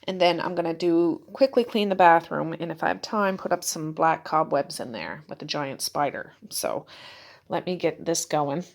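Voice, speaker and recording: A woman's voice: low voice, moderate pace, vocal fry. Chatty woman vlogging chores. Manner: chatty, talking to herself while doing chores. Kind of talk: casual vlog narration. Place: at home indoors.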